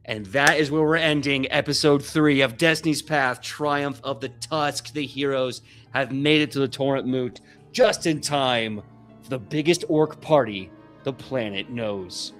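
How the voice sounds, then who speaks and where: Man game master, upbeat host, some quiet music behind him. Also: mid-range voice, unhurried. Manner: energetic, hosting, playful. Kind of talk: live actual-play outro.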